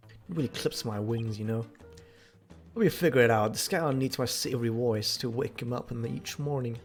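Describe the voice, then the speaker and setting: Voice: medium pitch, normal speed, soft background music, pitched below the performer's own voice, lightly acted. A streamer voicing a vain male radio-star bird from a game, in a drawling, self-satisfied manner. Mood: smug.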